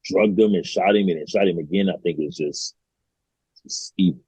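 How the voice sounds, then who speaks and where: A man's voice: deep voice, moderate pace, darkish tone, husky, dry recording, low-quality recording. A young man, a podcast guest, chatting casually in a laid-back, slangy way with wry remarks. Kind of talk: casual chat.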